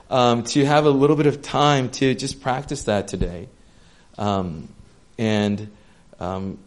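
A man preaching a sermon in an earnest, gentle, casual way, with plenty of fillers. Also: mid-range voice.

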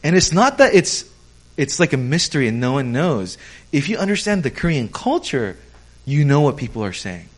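A man's voice: on the high side, very animated, moderate pace. A man, a pastor, teaching a conversational sermon, explaining step by step and checking in with his listeners. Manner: explains step by step, checks in with "okay?", acts out quoted people.

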